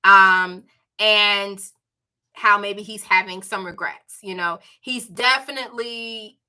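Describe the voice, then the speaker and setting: A woman with a Southern accent reviewing books in a casual, animated chat, addressing viewers as y'all. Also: mid-range voice, slow. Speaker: book reviewer.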